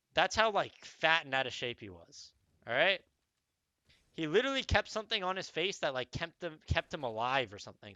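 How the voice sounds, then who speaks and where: A young man telling a long, profane story in casual talk, rambling and animated, often checking in with the listener. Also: a little high, no room sound. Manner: animated, profane, rambling with frequent "okay?" asides.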